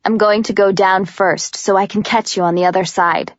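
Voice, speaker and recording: A woman voicing a calm, practical young man who leads an escape in an audiobook. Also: sits high, normal speed, no room sound, lo-fi sound, natural voice. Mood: calm urgent.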